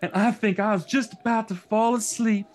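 A man doing a startled, high-pitched mother. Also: fairly even intonation, moderate pace, slight background noise, natural voice. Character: startled mother reading in bed, woman.

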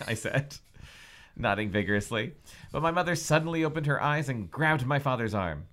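A man's voice: mid-range voice, big pitch swings, normal speed, a bit bright. A man reading a book aloud as a podcast co-host, with mock-dramatic emotion and teasing asides. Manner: reads with mock-dramatic over-the-top emotion and laughing interjections.

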